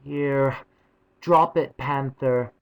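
A man's voice: on the high side, a little slow, highs cut off, pitched above the performer's own voice, close to an everyday voice. A man voicing a young boy who is awkward but kind to his sister, in a raised boyish tone. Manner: raised boyish tone, clumsy comforting. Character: awkward schoolboy brother Cyril, gruff but kind.

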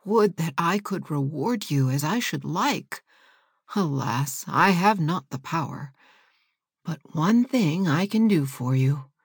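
A woman playing a frail old woman, slow and soft. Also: deep voice, animated, slightly rough, no room sound, studio quality, exaggerated voice. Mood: gentle, frail. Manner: slow, weak and soft, sometimes half-whispered. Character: feeble, lame, kindly old woman.

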